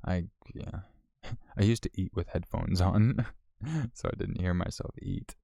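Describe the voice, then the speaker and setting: Low gravelly man chatting live. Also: measured pace, dark tone, no echo, clean studio sound. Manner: frank, profane, rambling with restarts. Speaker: live streamer answering chat. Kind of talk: casual live chat.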